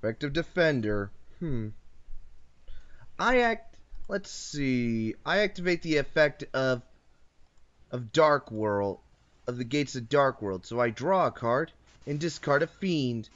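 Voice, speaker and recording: A man with a mid-range, slightly bright voice and lively intonation plays an online card game as host, narrating his moves slowly and explaining each one. He casually teases his opponent with playful taunts and keeps correcting himself, and the recording is muffled.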